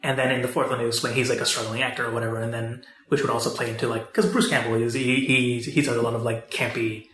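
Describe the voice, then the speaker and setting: A man with a bright, forceful voice rambles through a casual movie chat, full of fillers and false starts. His voice bounces around an echoey room. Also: medium pitch, level tone, quick pace, few pauses. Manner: rambling, many fillers and restarts. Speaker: podcast co-host.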